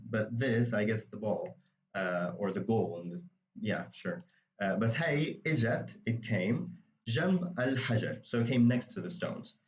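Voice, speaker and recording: Low-voiced man teaching, roomy distant sound. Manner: relaxed, rambling with many fillers. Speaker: Arabic teacher. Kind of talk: casual explanatory lesson. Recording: roomy, distant and dull with faint noise.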